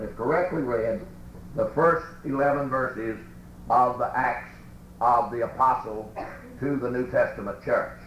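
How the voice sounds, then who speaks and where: A man preaching a sermon and reading scripture aloud in a church, with slow, emphatic, drawn-out phrasing. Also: medium pitch, steady tone, a bit bright. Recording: echoey room with faint background noise.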